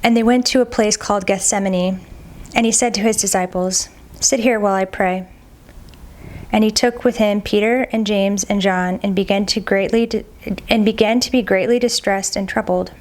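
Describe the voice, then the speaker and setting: Woman steadily reading scripture aloud. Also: medium pitch. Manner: steady, measured reading, stumbles on and repeats hard names. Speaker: Bible reader.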